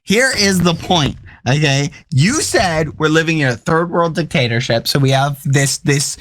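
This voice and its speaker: A young man in a casual mock debate on a comedy talk show, incredulous and animated. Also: on the high side, normal speed, slight background noise. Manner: incredulous, animated, laughs often.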